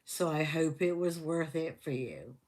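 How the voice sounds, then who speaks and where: A woman's voice: low voice, lively intonation, a little slow, noisy background. A woman giving a live tarot reading, heated and fiercely protective of her viewer, swearing constantly. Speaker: tarot reader.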